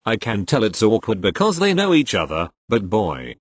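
A man reading online posts aloud as storytelling, in a wry, expressive manner. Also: fairly low pitch, normal speed, few pauses, slightly rough, no echo.

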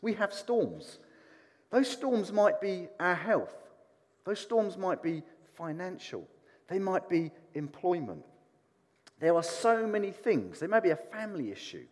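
A man preaching a sermon, animated and putting questions to the congregation. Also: high voice, unhurried, long reverb tail. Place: church hall.

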